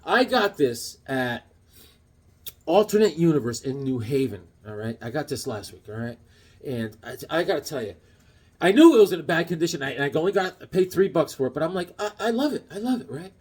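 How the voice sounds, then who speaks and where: A man's voice: fairly high pitch, expressive, brisk, a little mellow, husky. A man hosting a casual comic book review, rambling and telling corny jokes as he talks. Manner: rambling and jokey, full of corny puns and asides. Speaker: comic book collector and channel host.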